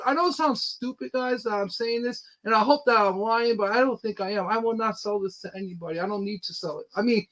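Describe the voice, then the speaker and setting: A man with a high, bright voice talks about his own comic book in a loose podcast conversation. He rambles eagerly, with plenty of ums and restarts, his tone ringing and forward. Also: fast, hardly any pauses, rough recording. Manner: eager, rambling storytelling with many fillers. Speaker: independent comic book creator, guest. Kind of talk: casual podcast chat.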